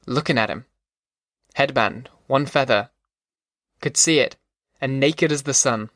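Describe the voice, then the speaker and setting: A man's voice: mid-range voice, a bit bright, dry recording, clean studio sound, lightly acted. A man voicing an old male army veteran who tells a haunted, folksy story around a campfire.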